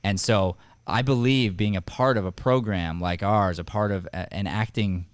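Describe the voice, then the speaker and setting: Low-voiced earnest male podcast host. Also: steady tone, normal speed, smooth, no echo. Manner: earnest, emphatic, with restarts. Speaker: podcast host, acting coach. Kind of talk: casual podcast discussion.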